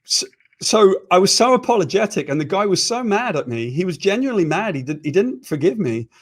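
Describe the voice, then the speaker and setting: A British man spins an anecdote in a casual chat, his voice sitting a little high for a man. He is animated and self-deprecating, and he slips into the voices of the people in his story. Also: brisk. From Britain. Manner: animated, self-deprecating storyteller who acts out quoted lines. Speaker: co-host.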